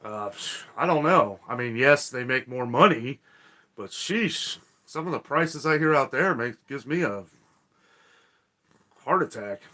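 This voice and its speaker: Man hosting a live chat, folksy and chatty, with a bright, sharp tone. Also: mid-range voice. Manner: folksy, ranting, reads viewer comments aloud. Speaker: host reading live chat. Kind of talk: casual live-stream chat.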